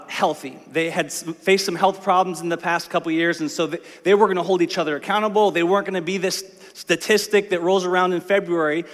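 A man's voice: high voice, a bit bright. A man preaching a sermon in a church, telling a story in a conversational way and building to emphatic lists. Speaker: pastor. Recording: long reverb of a large hall.

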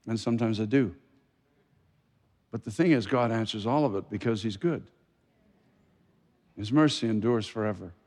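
Man preaching in a church, loud then hushed, mid-pitched voice, big hall echo. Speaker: pastor. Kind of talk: sermon. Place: church sanctuary. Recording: long hall reverb.

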